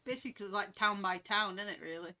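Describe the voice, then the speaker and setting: Teasing Yorkshire woman with a bright voice. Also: mid-range voice, steady tone, fast. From Yorkshire, England. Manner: laughs often, teasing. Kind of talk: casual chat on a live stream.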